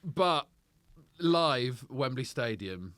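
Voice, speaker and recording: A man guesting on a chat podcast as a comedian, getting excited and laughing easily as he answers. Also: medium pitch, no echo. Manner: excitable, laughs often, quick bursts of enthusiasm.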